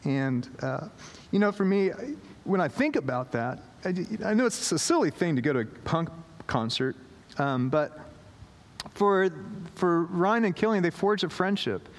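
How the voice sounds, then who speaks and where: A man's voice: fairly high pitch, big pitch swings, unhurried. A man preaching a sermon, telling a story with lots of fillers and restarts and acting out the quoted voices. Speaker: pastor. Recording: long hall reverb.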